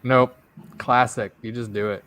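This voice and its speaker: A man's voice: medium pitch, steady tone, a little slow, fairly bright tone. A man co-hosting a podcast, chatting casually with hesitant restarts. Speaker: podcast co-host. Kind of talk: casual chat.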